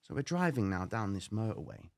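A man hosting a live stream, telling a dramatic personal story with lively slang. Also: lowish voice, brisk, vocal fry, no echo, studio quality. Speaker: trading show host.

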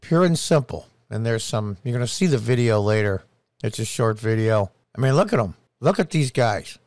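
A middle-aged man giving indignant opinion commentary, hitting key phrases slowly and emphatically. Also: mid-range voice, expressive, no room sound, studio quality. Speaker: political commentator.

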